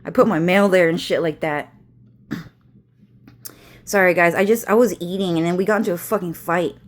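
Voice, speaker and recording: A woman's voice: lowish voice, fairly even intonation, normal speed. A woman vlogging from home, ranting to camera in a rambling, agitated way with constant swearing and repetition.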